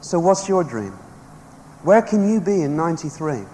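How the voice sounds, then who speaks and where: In an echoey large hall with faint background noise, a motivational speaker emphatically rallies his live audience through stories. His fairly high, mellow voice is very animated yet moves at normal speed.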